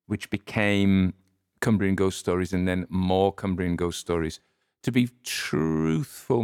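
A man narrating a dark first-person story and chatting as podcast host, earnest and halting with small stammers. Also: low voice, no echo, studio quality.

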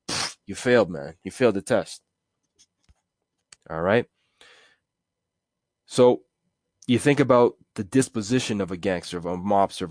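Low-voiced, laid-back male podcast host. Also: dry recording, clean studio sound. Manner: relaxed and conversational, with many fillers. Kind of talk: solo podcast monologue.

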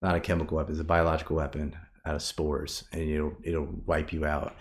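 A man talking in a casual podcast conversation, animated and profane, breaking into loud outraged bursts. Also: very deep voice, a little fast. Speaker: podcast guest.

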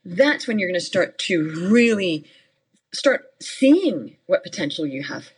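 A woman's voice: fairly low pitch, big pitch swings, measured pace, husky, low-quality recording. A middle-aged woman business coach, a podcast guest, talking in an emphatic, matter-of-fact way in short, punchy commands. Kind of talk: motivational interview talk.

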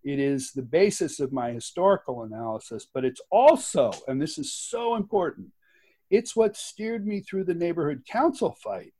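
An American guest author and activist speaks passionately and emphatically in a conversational interview, often laughing and restarting sentences. His voice is a little high, mellow and husky, very animated, at a moderate pace.

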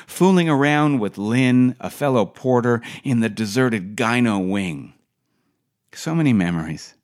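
A middle-aged man reading his own personal essay for a podcast in a dry, wry storytelling manner. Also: mid-range voice.

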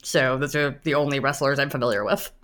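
A woman co-hosting a podcast, chatting with amused, quick asides. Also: extremely low pitch, steady tone, a bit bright. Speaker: podcast co-host. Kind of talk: casual chat.

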